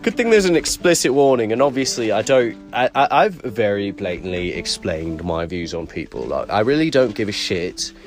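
A man's voice: on the low side, sing-song, moderate pace, hardly any pauses, faint music behind. A young man co-hosting a crude comedy podcast in a put-on English accent, rambling, swearing constantly and laughing a lot. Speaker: podcast co-host.

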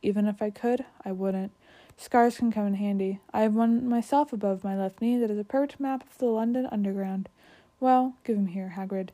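Dumbledore, a calm old wizard, as a woman reads him. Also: mid-range voice, normal speed, close to an everyday voice. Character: old male headmaster wizard, calm and wise.

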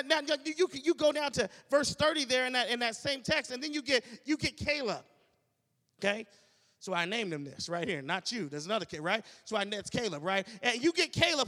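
High bright-voiced male preacher. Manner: call-and-response, repetitive, rising to shouts. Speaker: pastor. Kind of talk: sermon. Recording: reverberant church hall.

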